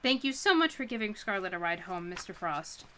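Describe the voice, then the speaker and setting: A woman's voice: medium pitch, sing-song, brisk, sharp tone. A woman reading aloud, voicing a wary mother who speaks in a clipped, frosty way. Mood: icy. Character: cold, wary adult mother.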